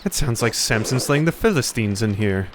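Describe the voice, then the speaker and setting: A young man playing a game, reading its dialogue aloud and adding sarcastic commentary with sudden loud outbursts. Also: mid-range voice, animated, normal speed, noisy background. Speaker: let's play commentator.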